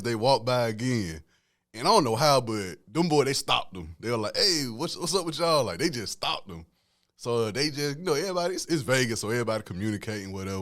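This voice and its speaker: A man's voice: medium pitch, dry recording, studio quality. A young man hosting a podcast, telling a story in casual, slangy talk and laughing often. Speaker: podcast host.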